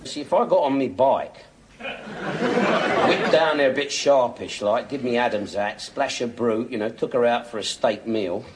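An actor playing a cocky wheeler-dealer in a TV sitcom, boasting in breezy patter. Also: male voice, medium pitch, expressive, measured pace, lightly acted. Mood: boastful. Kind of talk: TV sitcom acting. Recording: hissy archive TV clip.

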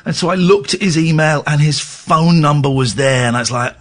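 A man's voice: fairly high pitch, a little fast, a bit bright. A middle-aged man, hosting a radio phone-in and telling a candid, rambling, self-deprecating story, with stammered restarts. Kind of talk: candid talk-radio monologue.

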